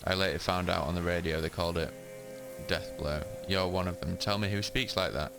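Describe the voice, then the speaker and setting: A man's voice: deep voice, fairly even intonation, fairly quick, vocal fry. A man voicing a bitter, dying old male communist deserter, reading the game text plainly. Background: loud game music.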